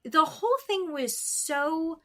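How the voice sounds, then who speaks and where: A woman co-hosting a casual podcast recap, animated and swearing freely as she acts out quotes. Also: extremely high pitch, takes it slowly. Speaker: podcast co-host.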